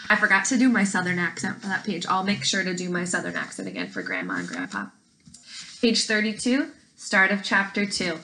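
A woman's voice: mid-range voice, expressive, a little fast, bright, forceful tone, a little hiss or hum, low-quality recording. A woman teacher reading a novel aloud to her class in an online lesson, friendly and encouraging.

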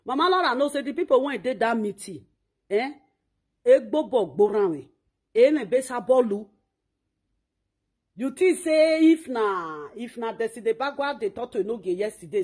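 A woman's voice: fairly high pitch, expressive, normal speed, darkish tone, husky. A woman with a Nigerian Pidgin accent, ranting and scolding in a mocking, insulting way. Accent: Nigerian Pidgin English. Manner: refers to herself in third person. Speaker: online commentator. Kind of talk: ranting monologue.

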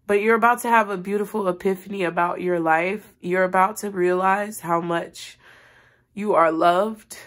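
A woman's voice: mid-range voice, fairly even intonation, moderate pace. A woman giving a tarot reading, talking earnestly and directly to her viewers in a rambling, spiritual way. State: crying, voice rising and breaking. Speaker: tarot reader.

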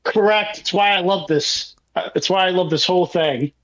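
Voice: medium pitch, moderate pace, a bit bright, rough recording. A podcast co-host recapping a show in casual chat, with profane play-by-play and acted-out asides.

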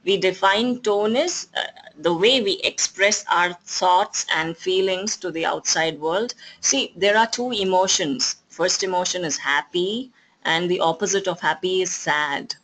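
A communication skills trainer with an Indian English accent, lecturing at an even pace and often pausing on fillers and restarts. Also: medium pitch, poor audio. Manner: explanatory, with frequent fillers and restarts.

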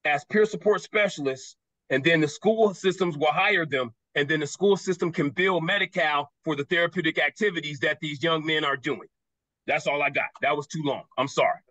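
A man speaking as a panelist on a video call, passionate and quick, repeating words for emphasis. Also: a little high, bright, forceful tone, dry recording, poor audio.

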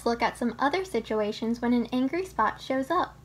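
Brief: a woman reading a children's book aloud, gentle and instructive, with a bright, high voice. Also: expressive, brisk, breathy edge. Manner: gentle, teaching tone, speaks to the child listener. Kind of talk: storybook read-aloud.

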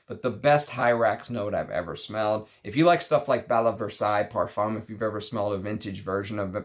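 A man with a somewhat low voice talks through his fragrance collection in a relaxed, unscripted way. He gushes with excitement, restarting sentences and filling pauses as he goes. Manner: enthusiastic, gushing with restarts and fillers. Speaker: perfume reviewer. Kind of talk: casual video review.

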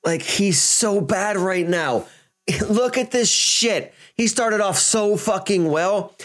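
A man hosting a gaming channel, ranting and swearing through his gameplay commentary, swinging between shouting and muttering. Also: high-pitched.

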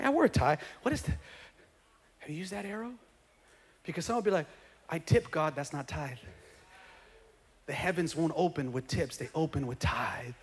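A man preaching a sermon as pastor. He swings from quiet conversational asides to shouted preaching and acts out comic voices of churchgoers. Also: sits high, big-room sound. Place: church sanctuary.

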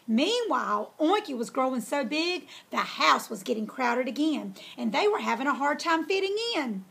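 A woman reads a children's story aloud in an unhurried, folksy drawl. Her voice sits high, with a gravelly and breathy texture. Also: fairly bright tone.

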